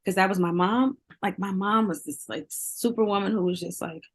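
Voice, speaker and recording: Interviewed as a guest, a middle-aged singer talks at normal speed in a mid-range voice. Her manner is candid and emotional, with frequent laughter and repeated words.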